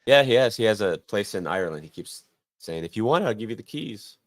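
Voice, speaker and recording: A man's voice: fairly low pitch, expressive, quick pace, no room sound. A man in his forties in casual, joking conversation as a guest on a live stream. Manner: joking, teasing. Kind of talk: casual chat.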